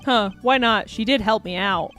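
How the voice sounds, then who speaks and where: A woman's voice: a little high, normal speed, a bit bright, soft background music, close to an everyday voice. A woman voicing an earnest, puzzled young male lawyer from a video game, reading his lines in her own voice.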